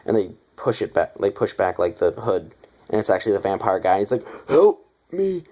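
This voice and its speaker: A man's voice: low voice, steady tone, fast, a little mellow, rough recording. A young man casually retelling a movie's plot in a review, rambling with lots of fillers and offhand asides.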